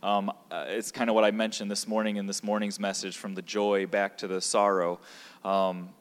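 A man, a preacher, giving a measured, reflective personal testimony about his marriage at a church gathering. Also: on the low side, flat delivery, clean tone. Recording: long reverb in a large hall.

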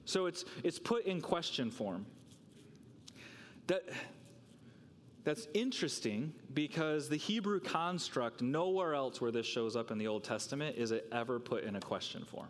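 A man's voice: medium pitch, animated, moderate pace, long reverb tail, a little hiss or hum. A man preaching a sermon, talking with rhetorical questions and repeating words as he works through a passage.

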